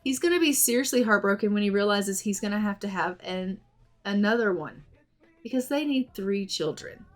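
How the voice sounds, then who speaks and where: A woman's voice: mid-range voice, expressive, moderate pace. A woman giving casual, chatty let's play commentary on a life-sim game, doting on the characters. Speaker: gaming channel host.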